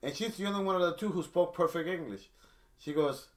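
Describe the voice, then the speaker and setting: A man's voice: on the high side, fairly quick. A middle-aged man telling a long story in casual chat, rambling with many restarts. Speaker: storyteller guest.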